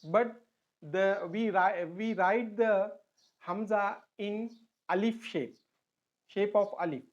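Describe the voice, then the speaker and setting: A man's voice: sits high, slow. A man teaching an online lesson, patiently repeating points and checking that students follow. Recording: dull lo-fi audio.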